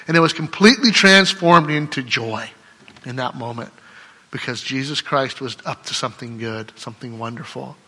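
A man's voice: fairly high pitch, sharp tone, long reverb tail. A man preaching a sermon in a conversational, emphatic way, full of rhetorical questions. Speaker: pastor.

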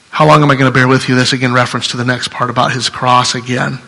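Male pastor, earnest and chatty sermon delivery, forceful tone, reverberant hall sound. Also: medium pitch, flat delivery, fast, hardly any pauses. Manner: earnest, conversational, restarts mid-sentence.

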